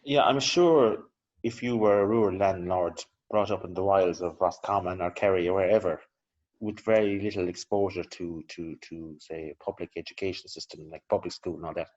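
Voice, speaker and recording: Man, low voice, historian guest, rambling anecdotal delivery, dull lo-fi audio. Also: steady tone, moderate pace, a little mellow. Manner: discursive, anecdotal, chuckles between points. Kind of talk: relaxed conversational interview. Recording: slightly dull lo-fi recording.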